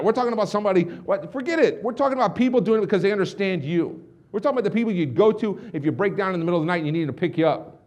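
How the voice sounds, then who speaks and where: Fast-talking, intense male motivational speaker. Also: high voice, expressive. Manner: intense, swings from hushed to shouting. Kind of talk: energetic storytelling speech.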